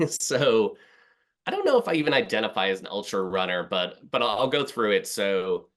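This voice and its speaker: A man's voice: on the low side, big pitch swings, normal speed, fairly bright tone. A middle-aged man from Boston, a podcast guest, telling a long self-deprecating story in casual talk. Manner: rambling, self-deprecating, acts out his past thoughts.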